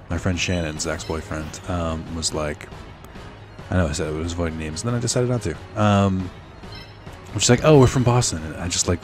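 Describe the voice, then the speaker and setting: A young man telling a rambling, sardonic story while playing a video game, full of fillers. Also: low voice. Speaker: let's play host. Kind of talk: casual storytelling while gaming.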